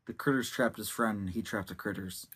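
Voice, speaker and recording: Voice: mid-range voice, fairly quick, fairly bright tone, breathy edge. A podcast co-host in casual movie chat, teasing and wry in banter.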